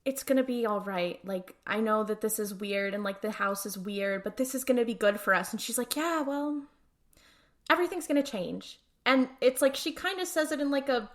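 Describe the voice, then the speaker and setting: A woman's voice: mid-range voice, brisk, few pauses. A woman co-hosting a podcast, chatting casually about a TV episode and thinking aloud as she goes. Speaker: podcast co-host. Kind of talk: casual rewatch podcast recap.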